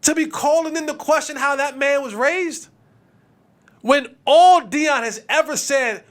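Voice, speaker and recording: A man in his thirties hosts a sports podcast in an unusually high voice. He talks emphatically, hammering his points through repetition and casual street slang. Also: a little slow. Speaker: podcast host.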